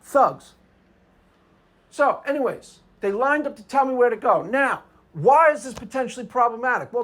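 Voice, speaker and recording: A man giving an unscripted commentary monologue, combative and sarcastic, repeating his points for emphasis. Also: extremely high pitch. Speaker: video commentator.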